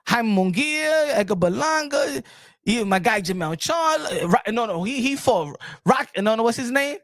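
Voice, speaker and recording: A man with a notably high voice hosts a casual live boxing stream, talking in long rambling runs that keep circling back with "you know what I'm saying". The sound is close and dry, with no room around it. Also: expressive, normal speed, fairly bright tone, dry recording. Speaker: boxing channel host.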